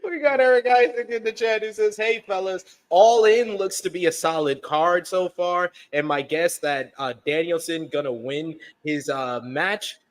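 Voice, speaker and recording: A man's voice: high voice, moderate pace, hardly any pauses. A man hosting a casual wrestling review podcast, reading viewer chat messages aloud in a chatty way. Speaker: podcast host. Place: based in the UK.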